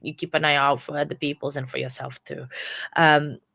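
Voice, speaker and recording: A sad woman close to tears, hosting a casual true crime live stream in a subdued, monotone way. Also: low-pitched, fairly quick, creaky, dry recording. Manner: subdued, self-described monotone delivery. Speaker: true crime livestream host.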